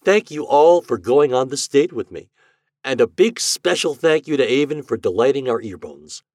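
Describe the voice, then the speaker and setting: A man's voice: mid-range voice, lively intonation, normal speed, darkish tone, dry recording, studio quality. A man hosting a podcast, delivering a cheerful, chatty scripted sign-off. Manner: upbeat, chatty. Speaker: podcast host.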